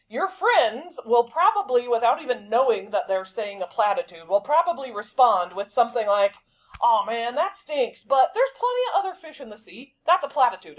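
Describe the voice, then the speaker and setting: Woman teacher, pitch a touch high, very animated delivery, chatty and emphatic classroom lesson.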